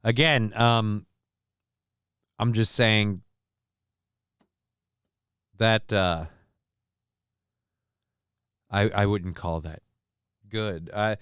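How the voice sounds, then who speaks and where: A man hosting a livestream show, talking in a casual, rambling way with frequent swearing and halting fillers. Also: fairly low pitch, fairly even intonation, a bit bright, clean tone, no room sound, studio quality.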